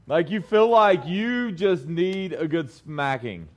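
Young man, youth preacher, slightly high voice, rambling storyteller, casual sermon to a small group. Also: animated, slow pace. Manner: chatty storytelling, many fillers and laughs.

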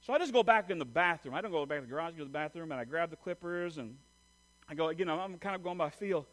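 Bright, high-voiced animated male pastor. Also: quick pace. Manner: animated storytelling, jokes with the congregation. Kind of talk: sermon with a personal story.

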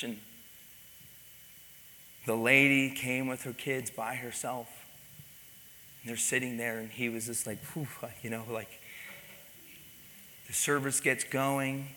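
Bright-voiced preacher in a reverberant hall. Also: male voice, mid-range voice, a little hiss or hum. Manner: animated, repeats words, drops to quiet intense tones. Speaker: pastor. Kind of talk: sermon storytelling. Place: church sanctuary. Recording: long reverb in a large hall.

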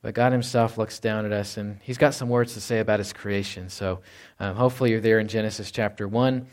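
A man's voice: fairly low pitch, steady tone, fairly quick. A man, a pastor, preaching a conversational sermon, reading scripture aloud and asking rhetorical questions.

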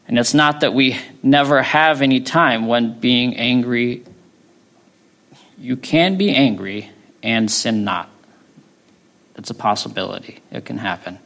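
A man's voice: medium pitch, gravelly, a bit bright. A male pastor teaching a sermon in a conversational way, often checking in with his listeners. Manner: conversational teaching, frequent tag questions.

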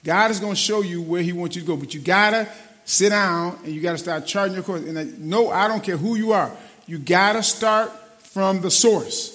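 A man's voice: high voice, a bit bright. A middle-aged man preaching a sermon in a loose, conversational way, often calling the listeners "man". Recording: long hall reverb.

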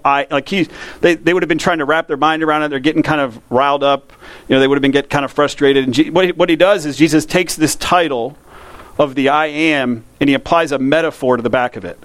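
A man, a pastor preaching a conversational sermon that slows down to read scripture. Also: a little high, no room sound.

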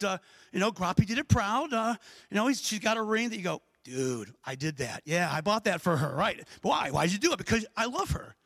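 A man preaching a sermon as pastor, animated and conversational, tossing in frequent asides to the congregation. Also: high voice, husky, dry recording.

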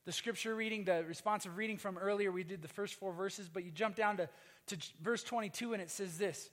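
A man preaching a sermon as a pastor, moving between loud emphatic lines and hushed quiet passages. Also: high-pitched, brisk, big-room sound. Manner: swings from loud emphatic to hushed, sings briefly. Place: church.

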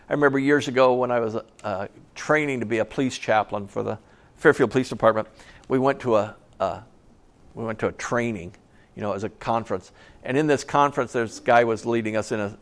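A middle-aged male pastor giving a sermon, driving points home by repeating them, with chatty storytelling asides. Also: mid-range voice. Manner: emphatic, repeating key phrases.

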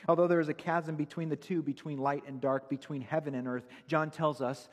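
A man's voice: a little high, level tone, brisk, hardly any pauses, big-room sound. A man preaching a sermon, earnest and emphatic, citing Bible verses as he explains them. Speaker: pastor.

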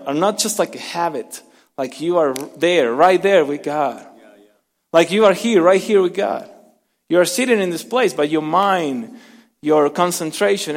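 A man preaching a sermon as pastor, swinging from strong emphasis down to soft, near-whispered lines and asking the congregation to repeat words after him. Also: high voice, gravelly, big-room sound.

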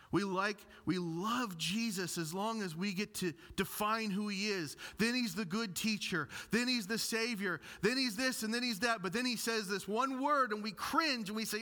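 A male pastor preaching a sermon with animated storytelling and self-deprecating humor. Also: high-pitched, measured pace.

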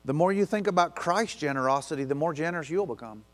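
A man preaches a sermon with a slightly high voice. He talks to the congregation in a conversational way, with quick acted asides, and presses them hard when he urges them on. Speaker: pastor.

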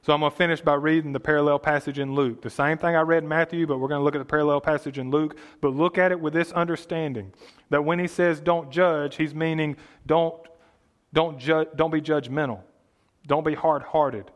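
A man's voice: fairly high pitch, steady tone, a little fast. A man preaching a sermon, earnest and emphatic, reading scripture aloud and explaining it plainly.

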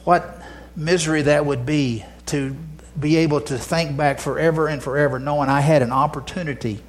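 A man preaching a sermon, impassioned, his voice climbing higher as he pleads. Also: steady tone, normal speed. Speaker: pastor.

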